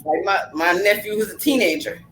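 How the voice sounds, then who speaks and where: A woman's voice: mid-range voice, brisk, fairly bright tone, faint music behind, low-quality recording. Woman podcast host, blunt storyteller, cusses a little, does the voices. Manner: storytelling, acting out family dialogue; frank, blunt, with mild cursing. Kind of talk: casual podcast chat.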